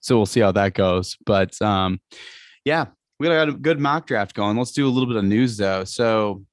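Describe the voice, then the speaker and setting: A man's voice: fairly low pitch, moderate pace, no room sound, clean studio sound. Chatty man hosting a football podcast. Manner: chatty, laughs often, rambling with fillers. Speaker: podcast host. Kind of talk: casual podcast chat.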